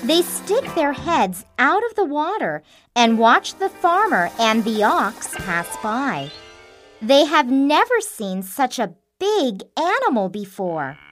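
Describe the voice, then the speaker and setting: A woman narrating a children's storybook in a slow, clear, expressive reading style. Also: high voice, faint music behind.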